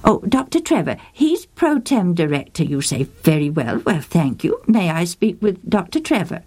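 A woman's voice: lowish voice, big pitch swings, normal speed, mellow, breathy edge. A woman voicing a polite, flustered male monastery librarian on the phone, hesitant and full of fillers.

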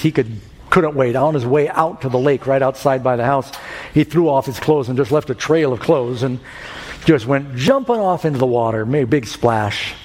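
Man preaching in a reverberant hall. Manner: rising to loud, high-pitched bursts in dramatic moments; slows down sharply for scripture and emphasis. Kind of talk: sermon. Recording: long hall reverb with faint music.

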